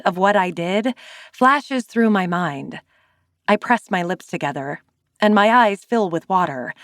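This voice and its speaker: Expressive young woman narrating a romance. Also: no echo, studio quality. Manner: expressive, with high gasps in dialogue. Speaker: audiobook narrator. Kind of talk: first-person romance audiobook narration.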